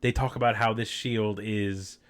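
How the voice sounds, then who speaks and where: A man's voice: on the low side, steady tone, measured pace, roomy sound, far from the mic. A man co-hosting a podcast, chatting casually, telling stories animatedly and agreeing emphatically. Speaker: podcast co-host. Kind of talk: casual chat.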